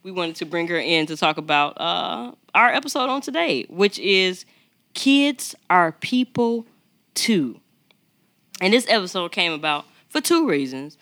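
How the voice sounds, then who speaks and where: A podcast host in casual chat who gives theatrical, animated introductions. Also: mid-range voice, measured pace.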